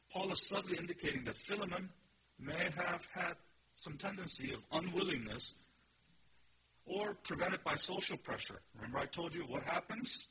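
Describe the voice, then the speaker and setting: Bright-toned preacher. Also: male voice, fairly high pitch, a little hiss or hum, low-quality recording. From Korea. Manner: earnest teaching, emphatic, with rhetorical questions. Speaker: pastor. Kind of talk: expository sermon.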